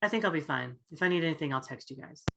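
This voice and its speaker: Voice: mid-range voice, animated, racing, vocal fry, dull audio, background noise. A player in a tabletop role-play, talking in a matter-of-fact way.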